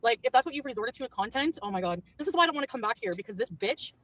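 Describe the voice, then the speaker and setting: A woman's voice: on the high side, lively intonation, a bit bright, no echo. A woman on a livestream, ranting angrily and swearing a lot. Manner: profane, heated, fast ranting. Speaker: streamer in a replayed clip. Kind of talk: angry livestream rant.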